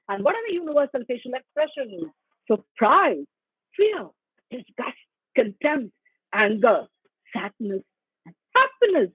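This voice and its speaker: A woman's voice: fairly high pitch, husky, dry recording. A woman giving an instructive, emphatic online lecture on public speaking. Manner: instructive, emphatic, sings scale examples. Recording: dull lo-fi audio.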